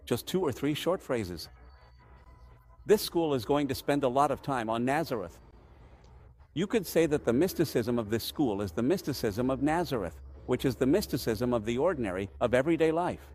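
A man as a parish priest at mid pitch, earnest and emphatic, teaching from the front. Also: a little mellow. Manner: earnest, emphatic, asks rhetorical questions.

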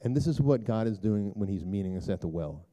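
Dark-voiced man preaching casually. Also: lowish voice, lively intonation, brisk. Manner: conversational, many fillers and throat clearing. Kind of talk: casual sermon with a personal story.

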